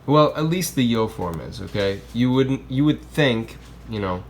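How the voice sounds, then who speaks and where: A man's voice: medium pitch, expressive, unhurried, a little hiss or hum. Chatty man teaching a language lesson. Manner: casual and chatty, checks in with "okay?" and "right?". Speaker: Spanish teacher. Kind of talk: classroom lesson explaining grammar.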